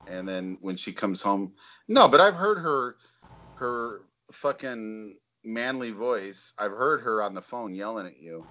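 A man's voice: lowish voice, lively intonation, a little slow, sharp tone, dull audio. A man on a casual podcast who mocks and gives blunt, crude advice. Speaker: co-host.

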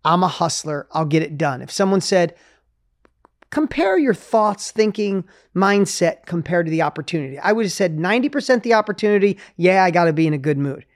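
A man's voice: high-pitched, lively intonation, fairly quick. A man in his fifties, a podcast host speaking in a reflective, emphatic, coaching way. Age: 50s. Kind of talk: podcast interview.

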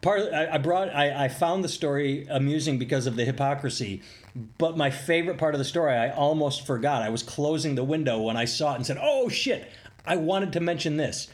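A man's voice: fairly high pitch, fairly quick. A man co-hosting a podcast, telling news stories in a loose, joking way and laughing often. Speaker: podcast co-host. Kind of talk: casual podcast chat.

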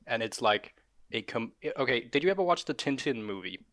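A man's voice: mid-range voice, lively intonation, fairly quick, fairly bright tone, no echo, clean studio sound. A man co-hosting a podcast in casual chat, rambling and hedging with fillers as he talks. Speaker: podcast co-host.

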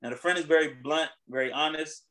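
Brief: male host, slightly higher-pitched, slangy and profane, animated storyteller in casual chat. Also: fast, poor audio.

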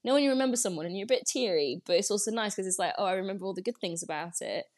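A woman's voice: mid-range voice, lively intonation, rapid-fire, a little mellow. A young woman, a podcast guest talking in a chatty, reflective way with lots of "like"s. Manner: chatty and reflective, many fillers like "like". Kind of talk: casual conversational interview.

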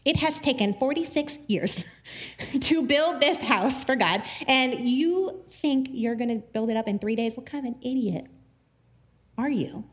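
A woman's voice: high-pitched, lively intonation, unhurried. Scoffing temple leaders, as a woman mimics them. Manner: mocking and huffy. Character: indignant male temple religious leaders, scoffing.

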